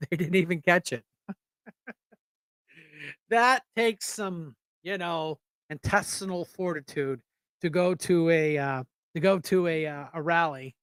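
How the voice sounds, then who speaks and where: A man's voice: fairly high pitch, takes it slowly, a bit bright, clean tone, dry recording. A man hosting a casual political livestream, with an Erie, Pennsylvania accent, blunt and joking as he rambles. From United States. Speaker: show host.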